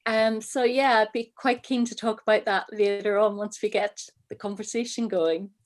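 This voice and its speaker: A woman speaking as a guest on an online panel over a video call, relaxed with ums. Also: mid-range voice, moderate pace. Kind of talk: casual panel talk.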